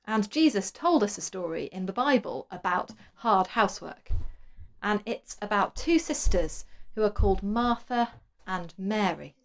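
A woman leading a school worship, asking children gentle questions. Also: mid-range voice, lively intonation, a little slow. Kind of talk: children's collective worship talk.

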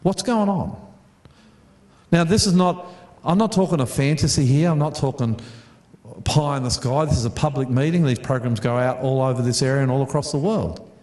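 A man's voice: mid-range voice, moderate pace, darkish tone, roomy sound. A middle-aged Australian man preaching a sermon to a congregation, chatty, repeating words and putting questions to the audience. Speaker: pastor. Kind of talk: storytelling sermon.

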